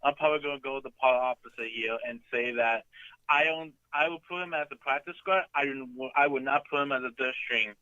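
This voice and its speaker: A man's voice: medium pitch, fairly quick, sharp tone, clean tone, no room sound, highs cut off. A man calling in to a talk show, chatting casually and hesitating with many ums. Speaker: caller. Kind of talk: casual chat on a call-in show.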